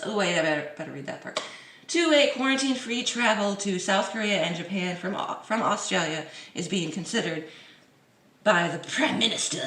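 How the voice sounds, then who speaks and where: A woman vlogger reads through a news piece in a loose, casual way, and she keeps cutting in with sarcastic, teasing comments. Her voice sits at a middle pitch, neither high nor low. The room adds a noticeable echo. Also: a bit bright, recorded from a distance. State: dry throat. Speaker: vlogger reading a news article. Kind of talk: casual reading with sarcastic asides. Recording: roomy echo.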